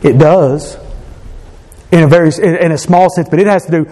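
A man preaching a sermon, building rhythmic lists and rising to passionate shouts. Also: on the high side, normal speed, pauses often. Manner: impassioned, rising to shouts on climaxes.

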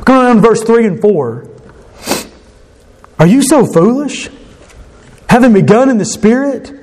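A man's voice: very high voice, sing-song, measured pace, darkish tone. A man preaching a sermon as pastor, earnest, voicing quoted speakers with emphasis.

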